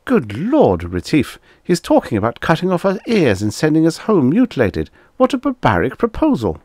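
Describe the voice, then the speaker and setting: A man voicing a fussy, timid male diplomat who speaks in a high, piping, flustered way in a storybook reading. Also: big pitch swings, a little fast, dry recording, clean studio sound.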